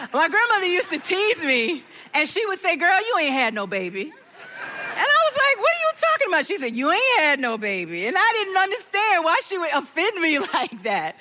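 A middle-aged woman, speaking as a guest at a church service, animated and enthusiastic, laughing often. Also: on the high side, big-room sound. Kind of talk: sermon talk. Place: church auditorium.

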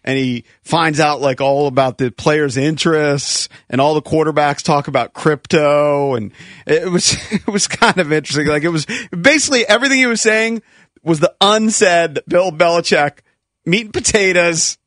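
A man co-hosts a sports chat, his voice sitting a little high. He lays out his points steadily. The sound is close and dry. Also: normal speed, fairly bright tone, no room sound.

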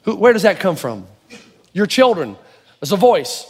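High-voiced preaching pastor in a hall. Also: male voice, very animated, normal speed, a little hiss or hum. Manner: emphatic preaching, acting out inner voices. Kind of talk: sermon. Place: church sanctuary. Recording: long reverb of a church hall.

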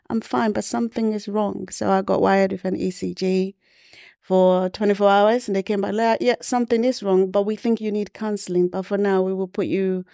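A Ghanaian woman, appearing as a guest on a podcast, speaks candidly and reflectively about a difficult period in her life, acting out the voices of people she quotes. Her voice sits in the mid range and is slightly mellow. The studio-quality recording is clean, with no echo.

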